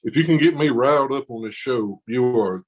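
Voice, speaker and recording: A man's voice: medium pitch, brisk, darkish tone, rough recording. A man with a heavy Mississippi Southern accent, a laid-back podcast guest chatting casually. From Southern United States. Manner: laid-back, easygoing, drinking. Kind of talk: casual chat.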